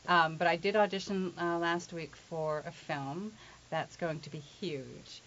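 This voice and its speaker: Woman accent coach chatting away, lowish voice, muffled recording with some hiss. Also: unhurried. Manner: chatty, animated storytelling with laughs. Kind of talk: casual conversation. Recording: lo-fi with faint hiss.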